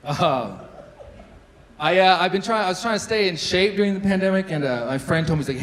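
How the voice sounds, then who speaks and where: A man's voice: high-pitched, big pitch swings, normal speed, a bit bright, poor audio. A man in his thirties doing a stand-up comedy set, chatty and self-deprecating, with lots of fillers. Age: 30s. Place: large hall with a live audience. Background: audience laughter.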